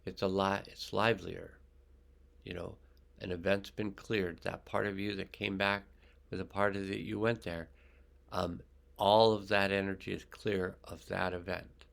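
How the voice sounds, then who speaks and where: Older man, energy healer, guided healing meditation, deep voice, steady flat delivery, slow and soothing. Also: vocal fry. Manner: slow, calm, soothing, with pauses.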